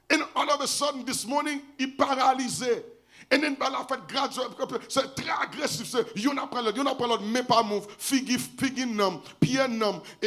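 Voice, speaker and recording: A middle-aged pastor with a Haitian accent and a very high voice preaches a sermon built around storytelling. He moves between languages and shouts to drive his points home.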